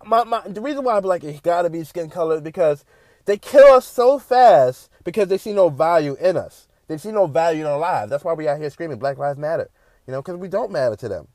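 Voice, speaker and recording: A man's voice: fairly high pitch, animated, fairly quick, a little mellow, dry recording. A man, hosting a podcast, speaking in a passionate monologue peppered with "you know" and mocking quoted voices. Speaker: podcast host. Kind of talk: impassioned monologue.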